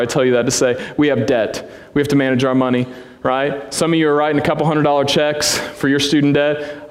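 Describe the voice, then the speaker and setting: A man in his thirties preaching a conversational, earnest sermon as pastor, with casual asides to the congregation. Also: medium pitch. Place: church sanctuary. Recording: long hall reverb.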